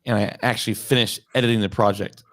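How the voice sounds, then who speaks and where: A man's voice: on the low side, steady tone, fast talker, a bit bright. A man chatting casually as a guest on a live stream, in an easygoing, laid-back way. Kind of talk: casual chat. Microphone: streaming mic.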